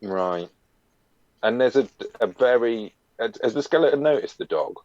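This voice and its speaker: A man's voice: mid-range voice, animated, unhurried, no echo, dull audio. A man co-hosting a live comedy podcast, telling odd historical anecdotes with dry wit and a lot of hesitation. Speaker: podcast co-host. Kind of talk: casual comedic live-stream chat.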